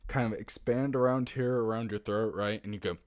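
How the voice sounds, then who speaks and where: A man who makes online tutorials explains something silly in casual talk, rambling, fumbling for words with plenty of fillers, and breaking into laughter and loud hoots. His voice is lowish and steady, a little fast. The studio-quality audio has no room sound.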